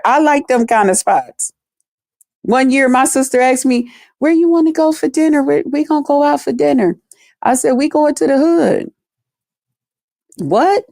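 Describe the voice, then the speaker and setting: A fairly high-pitched woman talks to her viewers in a loose, animated vlog. Her storytelling is blunt and packed with cursing. The sound is close and dry, with little room to it. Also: no echo. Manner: laughs at her own jokes. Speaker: vlogger. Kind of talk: casual profane storytelling chat.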